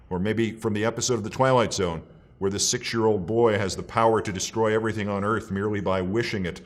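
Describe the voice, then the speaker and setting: A man delivering scripted political commentary, emphatic and scornful, slowing down to stress key words. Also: on the low side.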